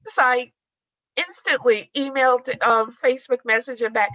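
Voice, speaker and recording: Gravelly, bright-voiced woman telling stories. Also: fairly high pitch, normal speed, no echo. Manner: animated, acts out dialogue in her stories. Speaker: artist giving a guest talk. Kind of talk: casual storytelling talk. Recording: dull lo-fi sound.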